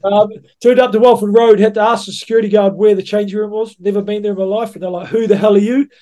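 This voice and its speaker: A man's voice: high voice, flat delivery, quick pace, mellow. A man, a rugby coach telling blunt, sweary stories as a podcast guest and calling everyone "mate". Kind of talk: casual anecdote-telling.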